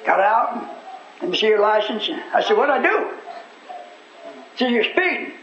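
A man, a radio preacher telling a folksy story that rises into fervent shouting. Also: high-pitched, big pitch swings, normal speed, slight background noise. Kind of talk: storytelling sermon. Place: church hall. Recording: echoey hall, muffled, loud congregation.

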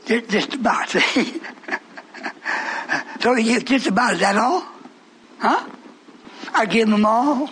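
An older man preaching a rambling, folksy sermon to his congregation, dropping to mutters and then rising to shouts. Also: extremely high pitch, lively intonation, slow pace, pauses often, a little hiss or hum, poor audio.

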